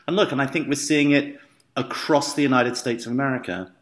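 A man's voice: mid-range voice, quick pace. Man in playful banter, echoey room. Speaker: podcast co-host. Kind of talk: casual chat.

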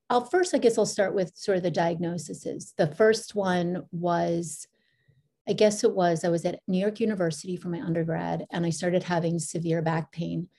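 Gravelly, mellow-voiced middle-aged woman. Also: fairly low pitch. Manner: meandering, with restarts and lively quoted asides. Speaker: podcast guest. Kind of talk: casual interview storytelling.

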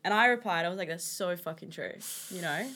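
A woman's voice: on the low side, brisk, pushed and bright. A young woman in casual chat, laughing and swearing as she reads out her dating app matches. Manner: laughing, profane, teasing. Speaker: podcast co-host reading dating app chats.

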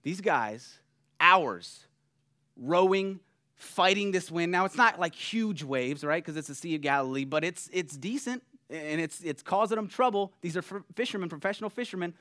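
A pastor preaching a sermon in a conversational, animated way, often checking in with the listeners. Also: male voice, high voice, normal speed. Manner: conversational, animated, keeps asking "right?".

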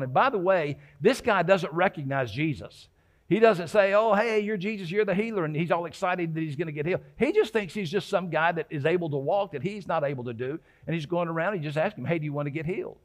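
A male pastor preaching a sermon in a conversational style, often restarting his sentences and acting out the quotes he tells. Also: fairly high pitch.

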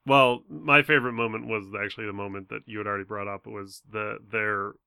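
Bright, gravelly male podcast voice. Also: on the low side, steady tone, fairly quick, dry recording, clean studio sound. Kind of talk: casual film discussion.

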